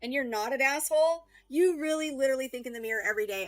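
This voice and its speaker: A woman's voice: sits high, rapid-fire, hardly any pauses, no room sound, rough recording. A woman hosting a heated reaction stream, talking back in a combative, sarcastic and profane way.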